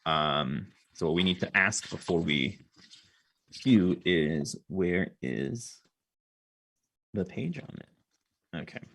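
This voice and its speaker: A man's voice: deep voice, animated, slow, creaky, long pauses, a bit bright. A man narrating a tabletop game as game master, in a loose, chatty way full of fillers.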